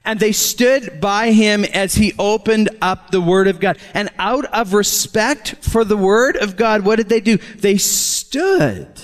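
A man preaching a sermon as pastor, lively and chuckling often as he talks. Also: high-pitched, takes it slowly, few pauses. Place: church. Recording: long hall reverb.

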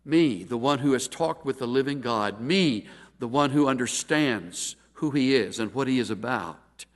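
Middle-aged male pastor, animated storyteller, wide-ranging voice, church sermon. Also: moderate pace. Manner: animated storyteller, voices quotes with big pitch jumps. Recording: long hall reverb.

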